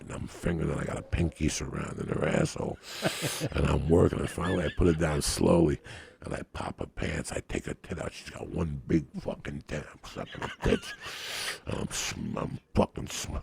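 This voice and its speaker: A man with a very deep voice tells a graphic comedic story. His delivery is thick with gravel and fry. He rambles, swears constantly and piles on crude details. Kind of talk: raunchy comedic storytelling rant.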